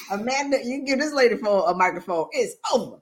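A woman hosting a casual chat, teasing her guest and laughing between remarks. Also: on the high side. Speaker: host.

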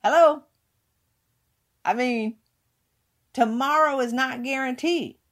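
A woman's voice: high voice, animated, normal speed, a bit bright. A woman giving an emphatic motivational talk, hammering points home with repeated words. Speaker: motivational speaker.

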